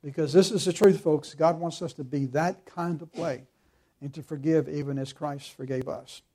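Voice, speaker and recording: A man preaching with earnest, emphatic conviction, quoting scripture as he goes. His voice sits a little high but sounds dark and mellow. He presses his points with steady fervor. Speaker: pastor. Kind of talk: sermon.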